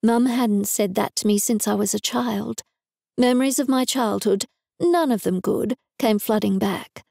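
A woman's voice: a little high, unhurried, vocal fry, dark tone, no echo. A woman reading a first-person novel aloud in a dry, wry manner, recorded close to a studio mic. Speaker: audiobook narrator. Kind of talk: scripted narration.

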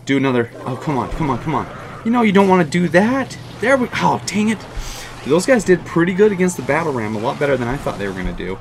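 A man giving live commentary over his own mobile game match, excitable and chatty, often repeating himself and cheering or groaning at the action. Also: a little high, fast, gravelly, noisy background. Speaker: gaming YouTuber.

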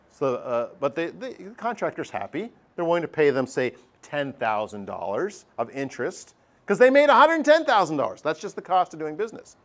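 Lively, joking male math teacher. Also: fairly high pitch, fairly quick. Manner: lively, jokey, acts out student voices. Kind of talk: classroom lecture. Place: classroom.

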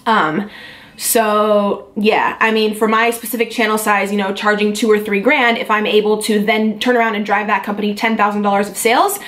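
This is a young woman talking straight to her viewers in a candid vlog. Her voice sits at a middle pitch. She speaks earnestly and confides in them, with plenty of ums and likes. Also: fairly even intonation, moderate pace, a bit bright. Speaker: beauty vlogger.

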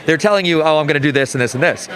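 A man's voice: on the high side, very fast, a bit bright. A man who judges card games, answering interview questions thoughtfully and with enthusiasm. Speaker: tournament judge.

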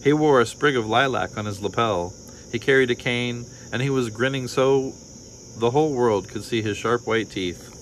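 A man reading a children's picture book aloud in a calm, measured storytelling voice. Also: medium pitch, slight background noise, low-quality recording.

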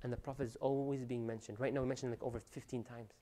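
A man giving an animated religious lecture, preaching with loud rising emphasis and Arabic phrases mixed in. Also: medium pitch, quick pace. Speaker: Islamic lecturer.

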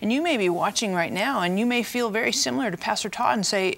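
Higher-voiced woman co-hosting a ministry show. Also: expressive, fast, few pauses. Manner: warm pastoral appeal to viewers. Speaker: co-host of a Christian talk show.

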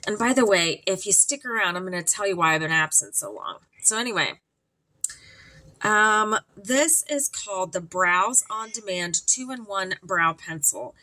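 Bright, lively-voiced woman makeup vlogger. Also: fairly low pitch. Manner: candid, chatty and animated, with frequent ums. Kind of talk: casual chatty makeup vlog.

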